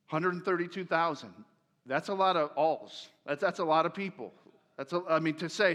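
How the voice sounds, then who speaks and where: High, bright-voiced pastor preaching. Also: male voice, moderate pace, long reverb tail. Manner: casual, joking storytelling, animated. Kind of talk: sermon. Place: large church.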